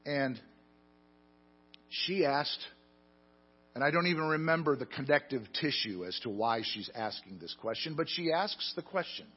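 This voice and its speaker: Husky pastor preaching a sermon. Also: male voice, medium pitch, animated, normal speed, long pauses, muffled recording. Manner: storytelling, self-deprecating, swings between loud emphasis and quiet asides.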